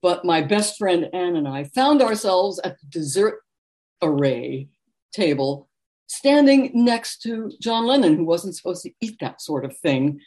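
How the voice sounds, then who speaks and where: Animated middle-aged woman telling stories. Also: on the low side, a little slow. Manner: animated anecdotal storyteller, warm laughs. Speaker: author and interview guest. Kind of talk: conversational interview storytelling.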